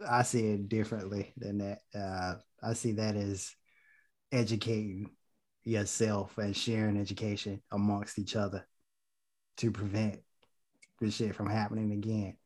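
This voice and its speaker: Measured, low-voiced man speaking bluntly. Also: flat delivery, a little mellow. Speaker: panelist. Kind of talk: casual discussion.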